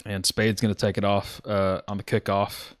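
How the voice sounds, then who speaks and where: A man's voice: fairly low pitch, flat delivery, moderate pace, no room sound, studio quality. A man from Alabama with a Southern accent, giving casual, rambling play-by-play commentary on a streamed game and often correcting himself as he goes. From Alabama, USA. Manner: rambling, self-correcting, chatty with his chat.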